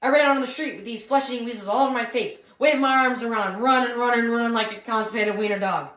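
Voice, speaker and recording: A young woman performing a comic monologue at a speech contest, animated and swinging from loud bursts to hushed asides. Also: fairly high pitch, quick pace. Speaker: speech competitor. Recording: roomy echo.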